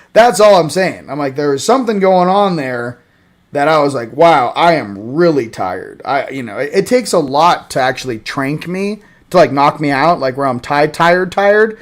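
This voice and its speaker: A man hosting a spiritual livestream in casual chat, rambling and joking and swinging between loud bursts and quiet asides. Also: a little high, lively intonation, moderate pace.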